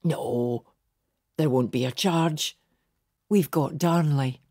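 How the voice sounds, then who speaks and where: A blunt, dismissive conspirator lord in armour, put on by a woman narrating the story, speaking slowly with a low, dark voice. His manner is flat, as though nothing is worth his worry. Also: no echo, studio quality.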